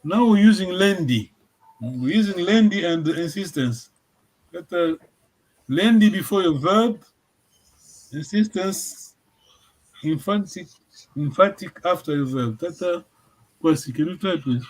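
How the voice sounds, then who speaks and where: A man's voice: high-pitched, animated, a little slow, long pauses. A man teaching a language lesson, encouraging his students and often checking that they follow.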